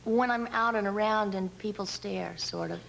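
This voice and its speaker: A woman's voice: mid-range voice, moderate pace, gravelly, a little hiss or hum. Shy, dry-witted woman from Alabama. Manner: shy, soft-spoken, dry humor. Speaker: talk show guest. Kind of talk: casual talk show chat.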